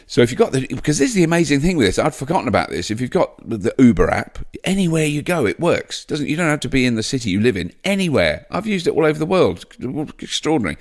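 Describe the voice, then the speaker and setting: A man's voice: mid-range voice, big pitch swings, fast talker, hardly any pauses. A man hosting a solo podcast, rambling and self-mocking with frequent laughs. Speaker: podcast host.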